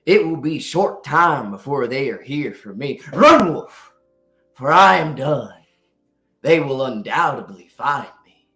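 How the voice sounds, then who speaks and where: A man's voice: on the high side, a bit bright, roomy sound, voice pushed up, heavily acted. A man doing a trapped, dying creature.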